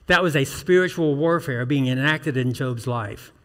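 A man's voice: mid-range voice, moderate pace, long reverb tail. A male pastor preaching an earnest sermon, asking the congregation questions and building to emphatic peaks. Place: church sanctuary.

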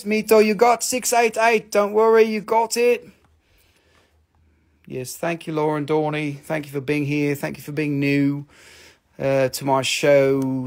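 Guy running a live rock sale, jokey and cussing, high gravelly voice. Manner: joking, profane, talks to himself. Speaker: host selling rocks on a live stream. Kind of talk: live-stream sales chat.

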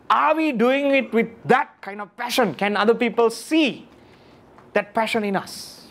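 Guy giving a pep talk to a crowd, voice jumps way up and down, keeps asking the room questions and repeating himself. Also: extremely high pitch. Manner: animated, keeps questioning the audience; emphatic, repeats key phrases. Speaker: motivational speaker. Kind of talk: live talk to an audience. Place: lecture room with audience.

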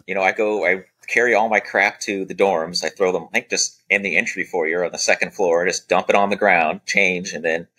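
Low-voiced male guest with a bright, forceful edge, spinning a loose, animated story full of fillers. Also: brisk, hardly any pauses. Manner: animated anecdote-telling, acting out quoted dialogue with many "you know" fillers. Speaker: podcast guest, former Air Force special operator. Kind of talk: casual storytelling interview.

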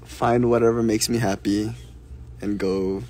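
This man answers fans' questions on a live stream at an easy pace, speaking softly and reading every question out loud first. His pitch sits on the low side, and his tone stays level.

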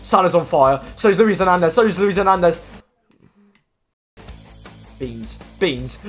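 Brief: young man, lively swings in pitch, mumbled grumbles breaking into shouts, game commentary over faint music. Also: a little slow, long pauses. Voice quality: expressive, with slang and swearing. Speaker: gaming commentator.

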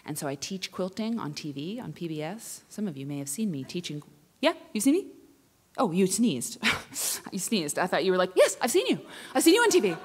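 A woman in her thirties telling a funny personal story live, chatty and self-deprecating with animated asides. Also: on the low side. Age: 30s. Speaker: writer and quilter performing for students.

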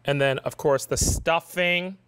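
Lower-voiced woman demoing cookware. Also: fairly bright tone, smooth. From New York. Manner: brisk, joking, demonstrating. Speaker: cookbook author guest cook. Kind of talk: live cooking demo chat. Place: TV studio kitchen set.

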